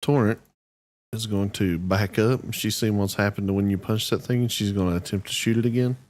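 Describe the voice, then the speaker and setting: A man's voice: fairly low pitch, fairly even intonation, brisk, a little mellow, slight background noise. A man narrating a tabletop game as game master, laid-back and joking.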